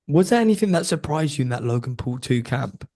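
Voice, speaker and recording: A man's voice: medium pitch, expressive, a little fast, darkish tone. Man hosting a boxing podcast. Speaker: podcast host. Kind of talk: interview questions.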